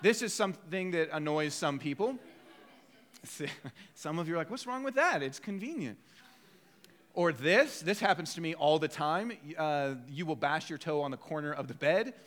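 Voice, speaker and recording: A man preaching a sermon in a bright, ringing voice that sits high for a man. He tells stories with lively, acted-out quotes and a joking tone, pulling the congregation along. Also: moderate pace. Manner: animated storytelling with acted-out quotes. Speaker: pastor.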